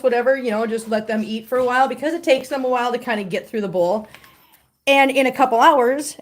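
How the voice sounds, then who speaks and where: A middle-aged woman hosting a casual livestream, chatting to viewers and cooing baby talk at her kittens. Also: a little high. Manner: answers viewer comments aloud. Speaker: livestream host with cats.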